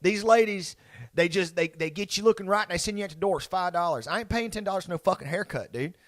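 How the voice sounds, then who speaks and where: A man imitating his blunt, stingy father, who talks with a gruff, swaggering, profane manner. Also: high voice, quick pace, voice pushed up, natural voice. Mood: boastful.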